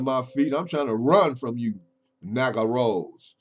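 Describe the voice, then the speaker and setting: A man, a poet, delivering an impassioned spoken monologue about his poems, preachy and emphatic, moving between loud declarations and low, intimate murmurs. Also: expressive, unhurried.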